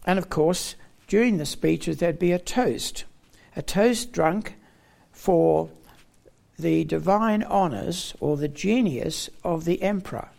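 A man delivers a Bible teaching sermon, walking through a passage and explaining it point by point. His voice sits a little high and has a gravelly, creaky edge. He stresses key words with emphatic rising tones. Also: takes it slowly, darkish tone. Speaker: preacher.

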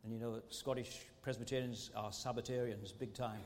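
A man's voice: medium pitch, steady tone, moderate pace. A man preaching a sermon as pastor, earnest and fond of rhetorical tag questions. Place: large church sanctuary. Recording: long church hall reverb.

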